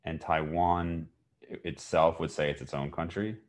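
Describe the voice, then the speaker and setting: A man with a very deep voice hosts a podcast in a casual way. He reacts briefly and asks easygoing questions. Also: fairly even intonation, moderate pace. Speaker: podcast host. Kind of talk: casual chat.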